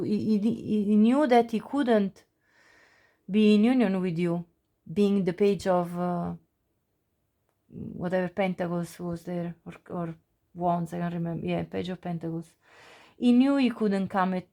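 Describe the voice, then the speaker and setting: A woman's voice: medium pitch, fairly even intonation, a little slow, warm tone. A woman giving a casual pick-a-card tarot reading, chatty, with frequent laughs and many fillers and restarts. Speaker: tarot reader.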